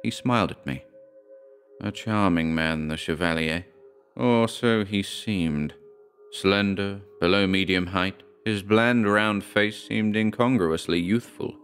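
A man with a very deep voice reads a horror tale in a measured, dramatic way. Faint music runs under his narration. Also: a bit bright, clear, resonant tone. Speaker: audiobook narrator.

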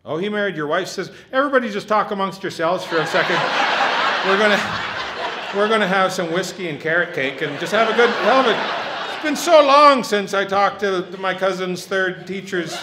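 A man's voice: high voice, lively intonation, normal speed, heavy background noise. A man in his fifties doing a live stand-up Q&A, joking and self-mocking with the crowd. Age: 50s. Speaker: stand-up comedian hosting audience Q&A. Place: live theatre stage.

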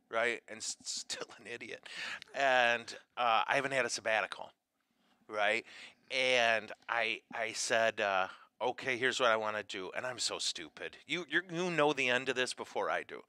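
A man, a priest hosting a show, chatting casually in a self-mocking, animated way with loud bursts of laughter. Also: medium pitch, moderate pace, no room sound. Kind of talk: casual comedic chat.

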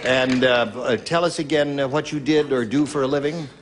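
A man's voice: medium pitch, fairly even intonation, brisk, background noise. A man hosting a television game show in a studio, playful and teasing with the players. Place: television studio with live audience. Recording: studio audience and show music.

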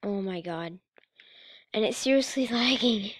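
A woman's voice: mid-range voice, measured pace, breathy edge, dry recording, clean studio sound. A woman doing a teasing, sarcastic reaction commentary on a video as a YouTuber, often laughing.

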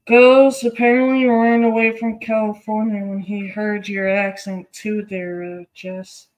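Slow-talking woman with a Boston accent. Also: medium pitch, level tone, darkish tone, poor audio. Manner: profane, laughing banter. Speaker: stream host. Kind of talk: casual live-stream chat.

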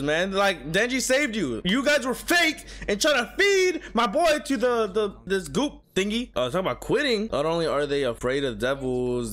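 A young man speaks into a desk microphone at a middle pitch. He chats casually at the screen as he reacts to an anime and reads the subtitles aloud along the way. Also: a bit bright. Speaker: reaction video host.

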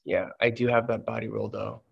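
A man's voice: lowish voice, steady tone, a little fast, vocal fry, breathy edge, dull audio. A man in his thirties chatting casually on a livestream, telling stories and answering fan questions with lots of fillers. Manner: chatty storytelling, many fillers.

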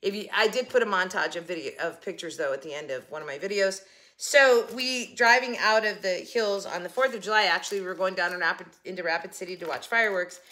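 Older woman vlogger, bright tone, chatty and giggly, casual to-camera talk. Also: lowish voice, fast talker. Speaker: haul vlogger. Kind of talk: casual haul chat to camera.

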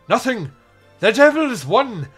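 A man voicing a creepy, ominous male church verger, speaking loudly and with foreboding. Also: fairly high pitch, measured pace, soft background music. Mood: shouting. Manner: loud, raised, foreboding delivery.

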